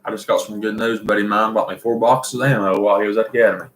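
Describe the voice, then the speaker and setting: A man's voice: on the low side, fairly even intonation, rapid-fire, a bit bright, slight background noise. Folksy Southern male livestream host, echoey room. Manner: folksy, rambling, reads viewer comments aloud. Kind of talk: casual livestream chat.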